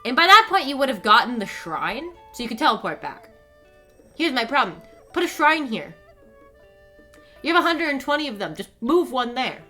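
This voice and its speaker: A young woman streamer ranting in casual commentary, animated and profane, with lots of fillers. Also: high voice, normal speed, soft background music.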